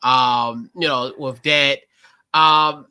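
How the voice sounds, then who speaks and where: A man hosting a podcast in casual chat, halting and repeating himself. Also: medium pitch, steady tone, sharp tone, smooth, dry recording. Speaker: podcast host.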